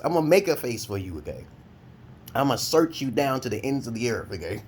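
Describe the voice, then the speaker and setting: A man from Brooklyn, New York, ranting in a profane, rambling vlog monologue, breaking into loud laughing high shouts. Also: very animated, normal speed, pauses often, slightly rough. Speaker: vlogger.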